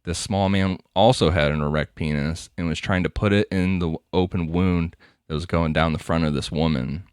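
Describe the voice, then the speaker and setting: A deep-voiced man hosting a casual podcast, reading case details in a loose, conversational way and laughing often. His voice is dry and close to the microphone. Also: fairly even intonation, moderate pace, a little mellow, clean tone, no room sound. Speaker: podcast host. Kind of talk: casual true-crime narration.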